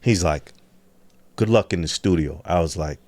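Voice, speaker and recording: A man telling a profane, animated story in casual conversation, acting out the other voices in it. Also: sits low, normal speed. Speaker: guest.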